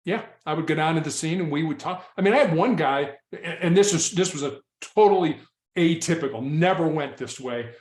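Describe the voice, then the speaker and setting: A man's voice: on the high side, animated, fairly quick, a little mellow, roomy sound. A man who used to be a hostage negotiator, telling stories in a casual interview and often restarting his words in an earnest way. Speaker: former SWAT hostage negotiator, guest.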